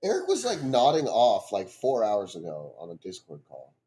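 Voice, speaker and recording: A man's voice: fairly low pitch, huge pitch swings, normal speed, mellow. A man on a group call, telling a story in a heated, swearing way. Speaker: call guest. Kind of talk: casual stoner chat.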